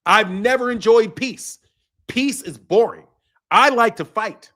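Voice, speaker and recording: A man's voice: sits high, measured pace, fairly bright tone. A man hosting a boxing live stream, answering viewers' comments in a blunt, combative, profane way and laughing often. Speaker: boxing channel host.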